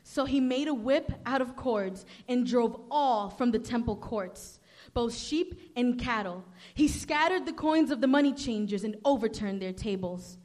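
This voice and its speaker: A woman reading a Bible passage aloud in a church service, steady and measured. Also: on the high side. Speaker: scripture reader.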